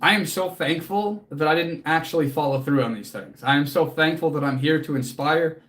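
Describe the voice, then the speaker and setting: A man's voice: fairly high pitch, normal speed, fairly bright tone. A man hosting a casual livestream as a fitness coach, answering chat in an earnest, motivational way, casually swearing and close to tears.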